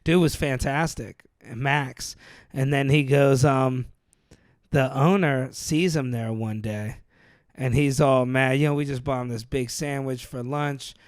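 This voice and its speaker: A man's voice: mid-range voice, smooth, no room sound, studio quality. A man co-hosting a podcast, telling a rambling, slangy story with laughs. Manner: rambling anecdotal, laughs often, slangy "dude". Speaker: podcast co-host. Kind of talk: casual storytelling chat.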